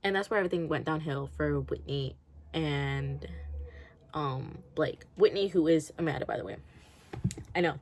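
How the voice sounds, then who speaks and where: A woman's voice: low-pitched, normal speed, pauses often, a little mellow. A woman giving a casual, rambling rant review, swearing freely and laughing often. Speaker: book reviewer.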